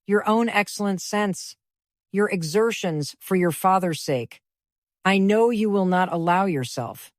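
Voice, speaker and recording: A woman reading the part of an earnest gentleman, speaking low and with deep feeling. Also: lively intonation, a little slow, no room sound, clean studio sound, lightly acted. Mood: tender. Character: earnest gentleman, older friend, tender and grave.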